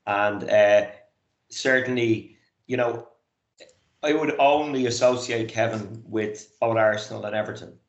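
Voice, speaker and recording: A man's voice: lowish voice, fairly even intonation, unhurried. A man in his fifties, a guest in a casual chat, earnest and rambling with many fillers. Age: 50s. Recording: roomy lo-fi sound.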